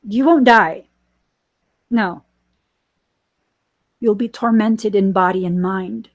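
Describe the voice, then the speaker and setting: A woman hosting a spiritual podcast, speaking slowly and earnestly and repeating her warnings. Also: medium pitch, no echo. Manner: slow, earnest and warning, with repetitions. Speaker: podcast host. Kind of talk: spiritual channeling chat.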